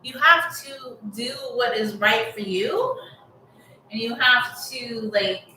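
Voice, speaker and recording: A woman's voice: on the high side, big pitch swings, slow pace, sharp tone, a little hiss or hum. A woman with a Californian accent talking frankly and rambling, with many "like"s, in a casual vlog about her long hair. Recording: echoey room, mic at a distance.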